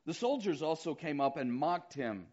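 Middle-aged male pastor, sermon; chatty, expressive delivery, slightly raised pitch, muffled lo-fi sound. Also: moderate pace. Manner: conversational, animated storytelling preacher.

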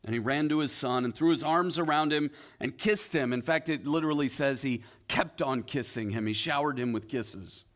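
A male pastor preaching a sermon, retelling a story with rhetorical questions and dramatic pauses. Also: medium pitch, fairly bright tone.

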